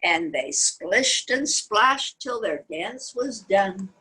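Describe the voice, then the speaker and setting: A woman's voice: medium pitch, expressive, slow, bright, forceful tone, rough recording. An older woman reading a picture book aloud to young children, sing-song and asking them questions along the way. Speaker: children's storyteller.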